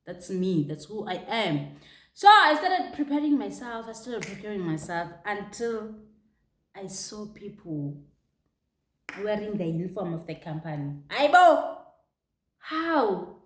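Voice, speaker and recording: A woman's voice: medium pitch, unhurried, a little hiss or hum. South African woman telling a story in an echoey room. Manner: candid and animated, with restarts, laughs and local exclamations. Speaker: vlogger. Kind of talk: personal storytelling.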